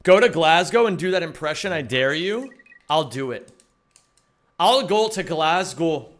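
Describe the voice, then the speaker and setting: A man's voice: on the high side, lively intonation, takes it slowly, long pauses, a bit bright. A young man live-streaming a game, joking around casually and greeting viewers by name. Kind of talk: casual live-stream chat while gaming.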